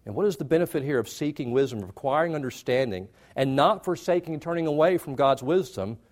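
A male pastor preaching a sermon, emphatic and repetitive, rising in pitch to stress key phrases. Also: lively intonation, fast talker, darkish tone.

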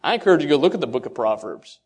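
A man giving a sermon-style talk to fathers, asking rhetorical questions and quoting scripture, his delivery swinging between soft and loud. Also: medium pitch, big pitch swings, very fast, slightly rough. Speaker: speaker addressing fathers.

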